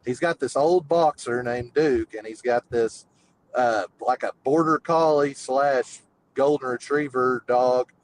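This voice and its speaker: A man's voice: medium pitch, a little slow, slight background noise, low-quality recording. A man calls in and tells a long, rambling story full of fillers. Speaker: caller. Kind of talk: casual storytelling.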